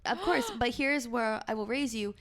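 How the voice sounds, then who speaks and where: A woman's voice: fairly high pitch, lively intonation, normal speed, a bit bright. A young woman co-hosting a podcast, chatting casually with friends, full of fillers and laughs. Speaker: podcast co-host. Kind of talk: casual chat.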